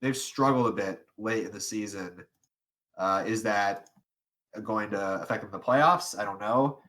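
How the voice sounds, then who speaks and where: A young man co-hosting a relaxed podcast speaks a little slowly in a fairly low voice with a fairly bright tone. He rambles and restarts often, laughing along the way.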